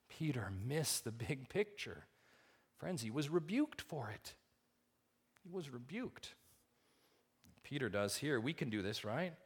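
Dramatic male preacher, big swings. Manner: dramatic swings between loud rising emphasis and quiet low asides; asks the congregation rhetorical questions. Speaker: pastor. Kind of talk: sermon.

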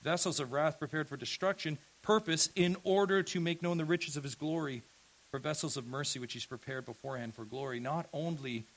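A man preaching a sermon, earnest and emphatic, asking his listeners rhetorical questions and swinging from quiet to loud. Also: mid-range voice, low-quality recording. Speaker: pastor.

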